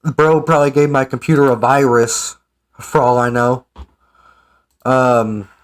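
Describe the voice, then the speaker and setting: A man's voice: mid-range voice, level tone, unhurried, clear, resonant tone. A man giving casual, sarcastic ranting commentary as an online commentator. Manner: sarcastic, mocking.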